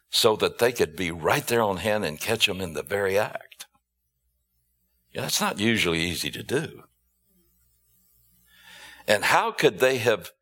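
Man, sermon, deep voice, unhurried, bright tone, rhetorical questions. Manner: slow, emphatic, rhetorical questions, drawn-out stressed words. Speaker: preacher.

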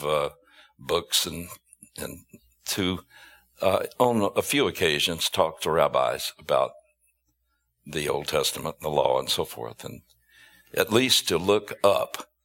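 A man delivers a sermon in a very low, deliberate voice, stretching the words he stresses and posing rhetorical questions. His tone is bright and forceful despite the low pitch. The pace stays slow and measured throughout. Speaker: preacher.

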